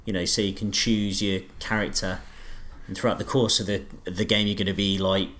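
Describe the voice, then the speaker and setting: Low voiced guy on a podcast, explains with lots of uhs. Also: flat delivery, a little fast, fairly bright tone. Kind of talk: casual podcast chat.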